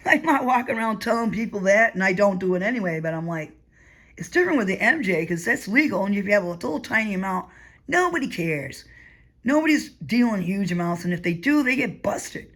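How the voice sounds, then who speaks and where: A woman's voice: medium pitch, lively intonation, a little fast, a bit bright. Woman rambling chattily at home. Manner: chatty, digressive, laughs often, drops to a murmur. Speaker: vlogger. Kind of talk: rambling casual monologue.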